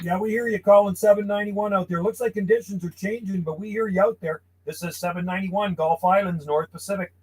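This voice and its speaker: High-voiced man calling on radio. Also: fairly even intonation, fast, hardly any pauses, slight background noise, poor audio. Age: 50s. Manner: friendly, chatty, repeats call signs. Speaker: CB radio operator. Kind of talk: casual radio calls and chat. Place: home radio room.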